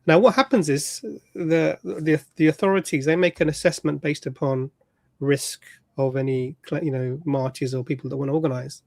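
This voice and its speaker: A man hosting an online panel, emphatic as he explains his point. His voice is fairly high, and the sound is dry and close. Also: fairly even intonation, normal speed, vocal fry, dry recording.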